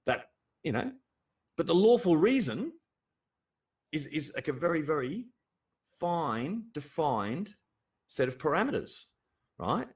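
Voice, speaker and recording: A man's voice: on the high side, slow pace, long pauses, recorded from a distance. Aussie guy chatting on a livestream, swears a lot, voice bounces up and down, sits a bit back from the mic. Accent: Australian. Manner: animated and blunt, swears freely, laughs often. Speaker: livestream host. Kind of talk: casual livestream chat.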